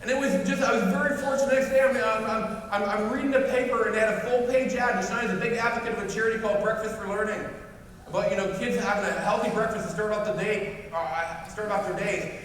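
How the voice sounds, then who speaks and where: A man in his forties giving a lively storytelling speech to a crowd at a company event, acting out both sides of a phone call, often restarting his sentences. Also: high voice, fast, slight background noise. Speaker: motivational speaker at a company event. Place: large event hall. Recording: echoey hall from far off.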